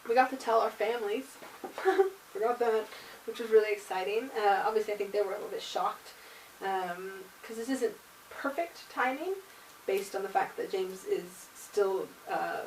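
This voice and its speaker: A woman's voice: medium pitch, normal speed. Chatty young woman vlogging in an echoey room. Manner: chatty, with many likes and ums. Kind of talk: casual pregnancy update vlog. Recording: roomy, distant mic with faint hiss.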